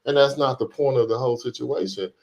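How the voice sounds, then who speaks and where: Hoarse man, casual podcast banter. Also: medium pitch, a little mellow, low-quality recording. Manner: laughs often, emphatic, drawn-out exclamations. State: hoarse from a flu. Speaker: podcast co-host, DJ. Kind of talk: casual chat.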